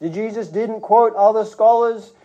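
Man preacher, high mellow voice, earnest measured sermon delivery with restarts, slightly muffled recording.

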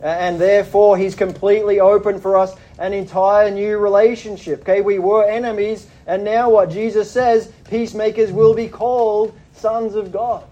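Aussie pastor guy preaching a sermon, pretty high voice but mellow, slow careful emphasis. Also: flat delivery, muffled recording. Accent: Australian. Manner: measured, deliberate preaching with emphatic points.

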